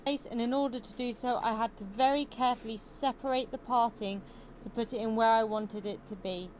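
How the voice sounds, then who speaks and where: Female narrator, polished newscaster-style delivery, slightly high voice. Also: steady tone, fairly quick, a little mellow, slight background noise. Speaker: wig tutorial narrator. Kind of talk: instructional voice-over.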